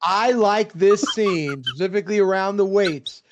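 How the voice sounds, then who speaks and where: Emphatic male writer, high voice, casual podcast guest. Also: a little slow, background noise. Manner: animated, emphatic storyteller who laughs often. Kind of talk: casual chat.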